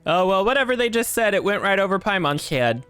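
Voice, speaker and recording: A man voicing a small, bubbly female fairy companion from a video game, reading her lines quickly and excitedly. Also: sits high, clear, resonant tone, dry recording, faint music behind, voice pushed up. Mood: chirpy.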